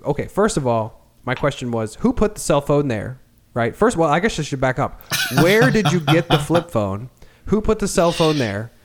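Male podcast host, a bit high-voiced, loose and profane sports talk. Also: moderate pace. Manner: animated, profane, opinionated. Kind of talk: casual sports chat.

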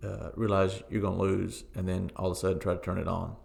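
A man co-hosting a football podcast, giving relaxed, opinionated match takes with frequent ums and uhs. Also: low voice, quick pace, vocal fry. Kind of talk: casual sports chat.

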